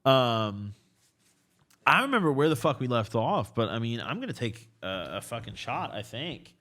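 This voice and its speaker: In a small, cluttered corner of a podcast studio, a young host conducts a casual, drunk interview chat. His medium-pitched voice is a bit bright and very animated at a moderate pace, and he rambles loosely, swearing and laughing a lot.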